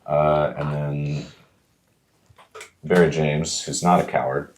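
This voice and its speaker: A man's voice: rumbling low, level tone, slow, slight background noise. A man playing in a tabletop game, giving laid-back, brief answers. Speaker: player. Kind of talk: casual tabletop play.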